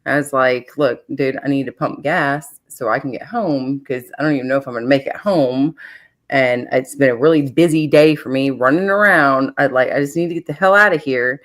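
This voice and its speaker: A woman from California, co-hosting a live stream, telling a rambling story in casual chat with laughs and swearing. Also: sits low. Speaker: co-host of a live trivia stream. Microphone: streaming call mic.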